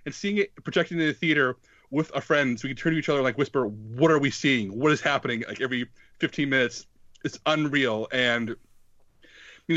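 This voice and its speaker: A man's voice: mid-range voice, fairly bright tone, no room sound, muffled recording. A man in a casual film talk, often restarting and repeating words. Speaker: film podcast co-host. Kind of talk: casual chat.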